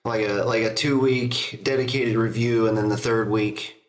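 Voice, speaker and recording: A man's voice: fairly low pitch, steady tone, normal speed. A man co-hosting a podcast in casual chat, chiming in with easygoing suggestions.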